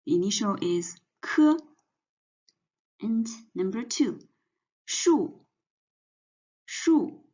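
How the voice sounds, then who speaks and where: A woman's voice: mid-range voice, a little mellow, breathy edge. A woman teaching pinyin pronunciation, patiently spelling out each sound and then blending the sounds together. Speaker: Chinese language teacher. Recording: dull, muffled lo-fi audio.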